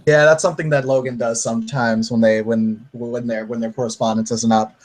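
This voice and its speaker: A man's voice: mid-range voice, level tone, moderate pace. A man playing a tabletop game, loose and joking, with stammered restarts. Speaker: player. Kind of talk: casual tabletop chat.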